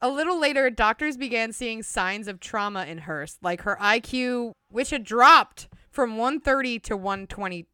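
A woman's voice: fairly high pitch, lively intonation, normal speed, few pauses, pushed and bright, clear, resonant tone, no echo, studio quality. A young woman co-hosting a podcast, retelling a true-crime case from notes with chatty asides. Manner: reads notes with chatty asides and frequent laughter. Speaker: podcast co-host. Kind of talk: casual true-crime storytelling.

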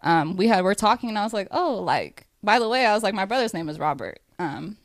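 Woman, AAVE speaker, emotional family tribute, halting and teary with nervous laughs, close dry recording. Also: mid-range voice, lively intonation, no echo. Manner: tearful, laughing through emotion, many fillers. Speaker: family member giving a thank-you speech. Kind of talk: emotional casual speech.

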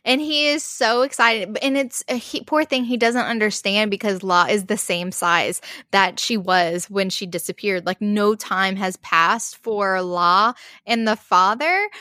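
Bright-voiced woman gushing over a story. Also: mid-range voice, a little slow, dry recording. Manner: emotional, gushing, many "like"s and restarts. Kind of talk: casual chat recapping a show.

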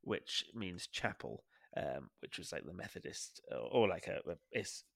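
Welsh podcast host, young man, lowish voice, joking banter, dry close sound. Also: very animated, a little slow, gravelly, a bit bright, no room sound. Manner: playful, jokey, laughs often. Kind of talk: casual podcast chat.

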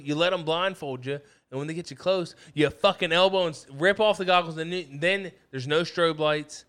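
A man's voice: on the high side, brisk, few pauses, a bit bright, clear, resonant tone. A man co-hosting a podcast in casual chat, rambling through wild hypotheticals with lots of swearing. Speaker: podcast co-host.

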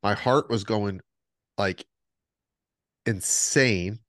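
Man, lowish voice, casual podcast storyteller, animated, dry close sound. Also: extremely slow, dry recording. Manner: animated storyteller, acts out the voices in his stories. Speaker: podcast co-host.

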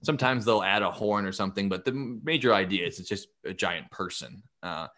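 A man's voice: low-pitched, brisk, a bit bright. A man hosting a podcast, retelling myths in a jokey, rambling casual way. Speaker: podcast host. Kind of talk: casual storytelling.

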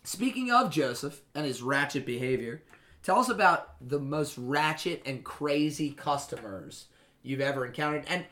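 Bright, jokey male podcast host. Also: on the high side. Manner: animated, jokey, quick to laugh. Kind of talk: casual chat.

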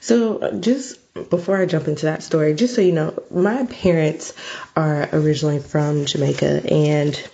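A woman's voice: deep voice, steady tone, moderate pace, gravelly, dark tone, a little hiss or hum. A young American woman telling a personal story to other mothers in a chatty, encouraging way, with lots of fillers. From United States. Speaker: vlogger addressing mothers. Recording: dull, dry lo-fi recording.

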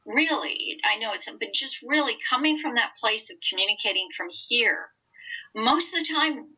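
An older woman coaching on mind and body, talking gently and earnestly in a casual interview. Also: fairly high pitch, lively intonation, normal speed, breathy edge. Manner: gentle, earnest, speaks from the heart. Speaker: oncology coach, guest. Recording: dull lo-fi remote audio.

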